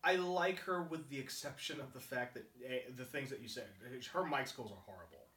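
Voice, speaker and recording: A man co-hosting a casual podcast, joking and chiming in with quick quips. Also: mid-range voice, sharp tone, far from the mic. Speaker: podcast co-host. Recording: echoey room, away from the mic.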